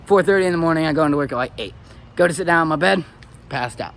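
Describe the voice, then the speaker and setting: A young man from Arizona in his twenties tells his life story as a motivational speaker, animated and swearing freely. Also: fairly high pitch, rapid-fire, gravelly. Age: 20s. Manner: animated and swearing, rising to excited peaks. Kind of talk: personal story monologue.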